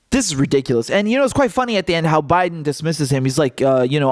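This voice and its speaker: A man gives political commentary in a raised, lively voice that leaps up and down in pitch. He mocks and laughs his way through his points. The sound is dry and close. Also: a little fast, no echo. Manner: mocking, animated, laughs often. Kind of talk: casual commentary vlog.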